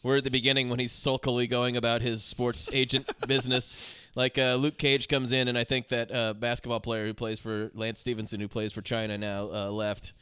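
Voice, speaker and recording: Bright, jokey male podcast host. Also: mid-range voice, flat delivery, a little fast, hardly any pauses, smooth, no echo. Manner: jokey, mimics characters in bursts, swears freely. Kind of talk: casual film review chat.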